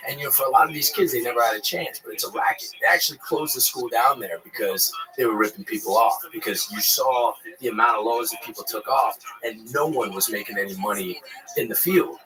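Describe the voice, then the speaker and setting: A man who is a guest actor, talking casually in a quick, rambling way, repeating words and swearing. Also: medium pitch, rough recording. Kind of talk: casual chat.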